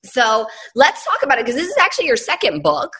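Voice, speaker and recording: A woman's voice: sits high, huge pitch swings, quick pace, pushed and bright, husky, no room sound, studio quality. A woman hosting a podcast, telling a personal story in a chatty way and talking straight to her listeners. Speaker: podcast host. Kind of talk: casual podcast talk.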